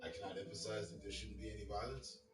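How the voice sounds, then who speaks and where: Man, lowish voice, casual reaction commentator; roomy and distant, music bed behind. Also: level tone, fast. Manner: conversational, repeats phrases to pick them apart.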